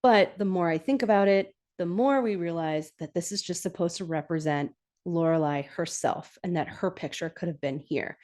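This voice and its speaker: A young woman recaps a TV episode on her casual podcast, easygoing and chatty in a lowish voice at a moderate pace. She giggles often and gets animated, raising her voice when acting out lines.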